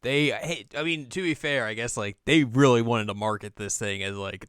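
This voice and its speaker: A man's voice: mid-range voice, normal speed, hardly any pauses, fairly bright tone, clean tone, no echo, clean studio sound. A man co-hosting a casual chat, talking in a laid-back, jokey way and laughing often. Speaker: co-host.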